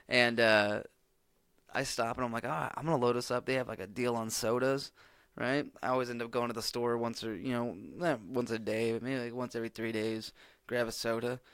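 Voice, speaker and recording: Casual male podcast host, loose profane rambler, average pitch, dry close mic. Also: fairly bright tone, clear, resonant tone, no room sound. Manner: rambling, profane, laid-back. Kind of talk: casual solo podcast chat.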